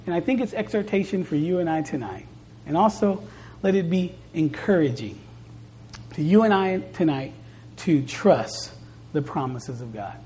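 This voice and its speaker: A woman preaching a sermon at a church service, stressing points by repeating phrases and moving between soft and loud delivery. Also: low voice, lively intonation, normal speed.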